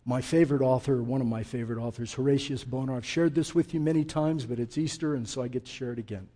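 A middle-aged man preaching a sermon as pastor, impassioned, swinging between loud urging and hushed intensity. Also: mid-range voice, steady tone, fast talker.

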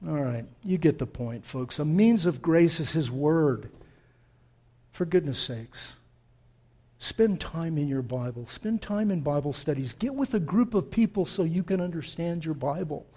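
A man preaching in a church with a fairly high voice. He is impassioned and direct with the congregation, swinging between hushed, quiet passages and loud, fervent peaks. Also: lively intonation, measured pace, husky. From Middle East. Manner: direct, talks straight to the congregation. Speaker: pastor. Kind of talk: sermon.

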